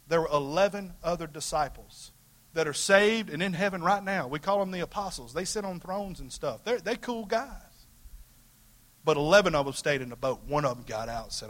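Man, pastor, sermon, high-pitched, bright tone, emphatic, folksy. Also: a little fast. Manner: emphatic preaching, swinging between loud calls and hushed asides; colloquial, folksy phrasing.

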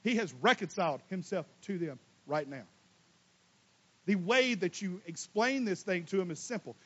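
A high-pitched man preaches a sermon in a folksy, animated way, booming on one line and dropping low on the next. The recording sounds dull and muffled. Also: normal speed. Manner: animated preaching, swings from loud emphatic to quiet asides; folksy, casual Southern US speech. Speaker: pastor.

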